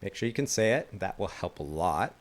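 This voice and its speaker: A man's voice: low-pitched, big pitch swings, a little fast. A man teaching a didgeridoo lesson in a casual, enthusiastic way, chatting and laughing at his own slips. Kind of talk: casual instructional talk.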